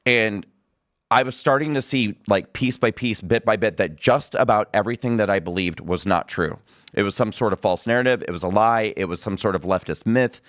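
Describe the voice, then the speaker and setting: A man speaks as a guest on a talk show, candidly telling his own story with an easy laugh now and then. His voice sits low and sounds dry and close on the mic. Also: a little fast, fairly bright tone, dry recording.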